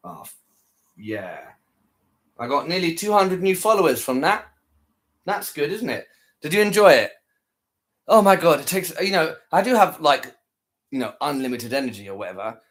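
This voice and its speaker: A man's voice: on the high side, sing-song, normal speed, fairly bright tone. Worn-out man rambling to his viewers. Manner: rambling, repeats himself, trails off. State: tired, worn out. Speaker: live streamer. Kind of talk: casual chat to viewers after a live stream.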